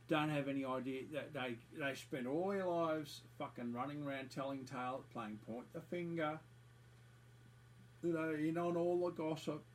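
A man's voice: on the high side, rough recording. A man, delivering an angry, profane monologue that keeps circling back to the same points with open scorn.

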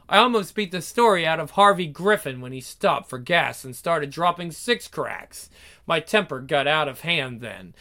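An actor playing a proud, hot-tempered young husband who talks in a brusque, streetwise way, in 1940s radio acting. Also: male voice, fairly high pitch, sharp tone, exaggerated voice. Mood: bitter. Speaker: gas station owner, husband.

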